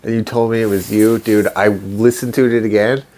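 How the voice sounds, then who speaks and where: A young man co-hosting a casual chat show, talking animatedly and jumping up in pitch when excited. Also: fairly quick, slight background noise. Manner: animated, jumps up in pitch when excited, quotes lines in put-on voices. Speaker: podcast co-host.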